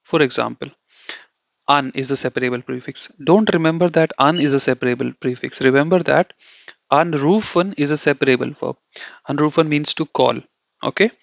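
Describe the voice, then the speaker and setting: Speaking at a normal pace in a slightly high, creaky voice, a man walks through German slides in an easygoing, meandering lesson. He repeats himself and checks in with "okay?" and "you know." There's no room sound, and the audio is dry, dull, and lo-fi.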